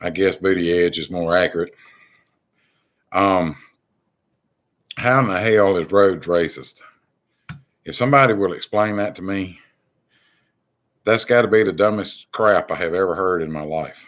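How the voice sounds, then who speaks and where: Deep, low-pitched male host; exasperated, rambling commentary delivery. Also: measured pace, pauses often, a bit bright. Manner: rambling, many ums and restarts, exasperated. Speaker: channel host. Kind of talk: political commentary monologue.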